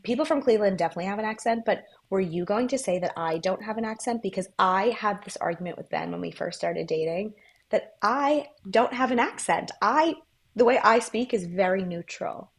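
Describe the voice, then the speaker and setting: A woman from the New York area speaking as a podcast guest, relaxed and plainly spoken, laughing easily. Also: medium pitch, fairly quick. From New York area, United States. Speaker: guest, co-founder of a clothing brand. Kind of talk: casual interview chat.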